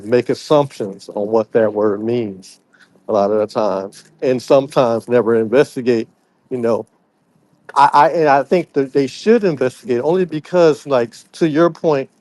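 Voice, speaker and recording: A man's voice: mid-range voice, darkish tone, no room sound. A man co-hosting a casual podcast, filling his speech with "like" and "you know" and laughing easily as he talks. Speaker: podcast co-host. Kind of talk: casual conversational podcast chat.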